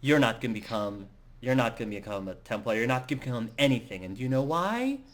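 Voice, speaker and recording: A man voicing a stern, irritable young female mage in a tabletop role-play, talking in a sharp, clipped, demanding way. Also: medium pitch, very animated, a little slow. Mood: furious.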